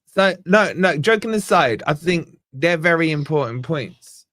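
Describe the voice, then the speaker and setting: A man's voice: a little high, expressive, a little slow, a bit bright, dry recording, clean studio sound. A man hosting a live football fan show, chatting casually with his panel and wrapping up with upbeat sign-offs. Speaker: host.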